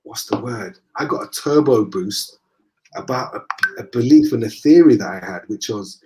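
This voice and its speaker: Northern English man telling lively stories. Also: medium pitch, normal speed, a little hiss or hum. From northern England. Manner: lively anecdotes, acting out the dialogue. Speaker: guest. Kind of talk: casual storytelling in conversation.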